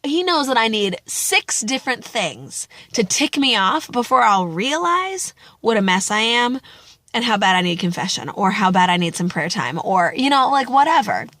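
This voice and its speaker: A woman giving an animated, chatty reflection on a gospel passage, acting out the people she talks about. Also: a little high, normal speed, no echo. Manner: animated, chatty, acts out quotes. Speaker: Catholic speaker.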